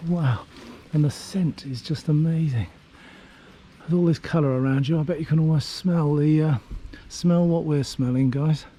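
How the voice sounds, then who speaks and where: Slightly high and warm, with fairly even intonation and a normal speed, this man's voice carries over slight background noise. He's a middle-aged UK vlogger strolling through a village, casually commenting with delight on everything around him.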